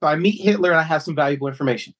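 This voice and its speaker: A man's voice: on the high side, racing, dry recording. A man as a podcast guest in casual chat, laid-back and joking in short replies.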